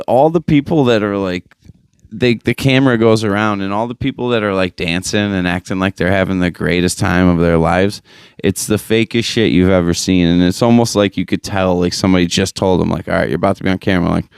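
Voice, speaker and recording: A young man rants his way through a solo podcast, swearing constantly and stacking up fillers. His low voice comes across smooth and resonant. The phone mic gives it a dry, close sound with no room in it. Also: no room sound. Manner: profane, rambling, lots of fillers; mocking high-pitched impressions of others. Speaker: podcast host. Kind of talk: casual solo podcast rant.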